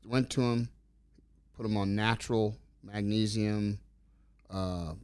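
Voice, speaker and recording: A middle-aged man telling stories in a casual interview, rambling and animated as he acts out the dialogue. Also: fairly low pitch, takes it slowly, smooth, no echo. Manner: rambling, animated storyteller acting out quoted dialogue. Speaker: interview guest.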